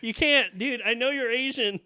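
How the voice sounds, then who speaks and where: A man's voice: very high-pitched, normal speed, clear, resonant tone. A young man co-hosting a podcast, telling stories in a casual, profane, laughing way. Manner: animated, profane, laughing storyteller. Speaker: podcast co-host. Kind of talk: casual chat, storytelling.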